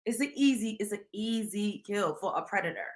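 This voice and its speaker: A woman's voice: mid-range voice, lively intonation, a little fast. A woman with a Southern US accent hosting a casual live stream, talking bluntly and emphatically in slang and speaking straight to her viewers. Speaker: host.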